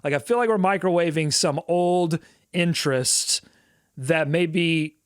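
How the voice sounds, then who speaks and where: A man's voice: on the high side, unhurried, clean tone, no echo, studio quality. A man co-hosting a sports podcast, talking casually with lots of fillers and playful asides. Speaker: podcast co-host.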